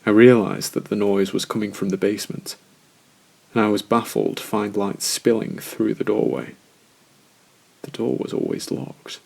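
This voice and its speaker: A man narrating a first-person horror story in a slow, measured, scripted way. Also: on the low side, creaky, a little mellow.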